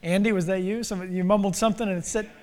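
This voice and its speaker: A man's voice: sits high, steady tone, fast, a little mellow. A man in his forties preaching an interactive sermon, joking with the congregation and calling on people by name. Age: 40s. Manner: playful, calls on the congregation by name. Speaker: pastor. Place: church sanctuary. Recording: reverberant hall.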